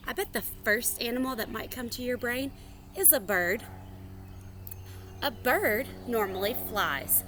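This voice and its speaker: A young woman leading young children through an animal-themed movement workout, in a slow, encouraging, sing-song way. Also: fairly high pitch, fairly bright tone, slight background noise. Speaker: children's activity instructor.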